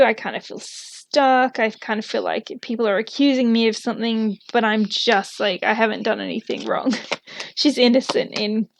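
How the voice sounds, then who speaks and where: A young woman talks through a tarot spread in a loose, chatty way, filling pauses with "like" and soft laughs. Her voice sits a little high. The recording is dry and close, with no room sound. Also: creaky, no room sound. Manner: chatty, thinking aloud, many fillers and little laughs. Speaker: tarot reader. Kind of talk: casual tarot reading.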